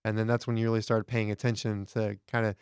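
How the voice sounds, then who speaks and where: A male podcast host in a relaxed interview, talking with a gravelly yet smooth voice. He laughs easily and loops back to rephrase his questions. The sound is dry and close. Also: lowish voice, fast, dry recording. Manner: laughs often, restarts questions. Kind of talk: casual interview.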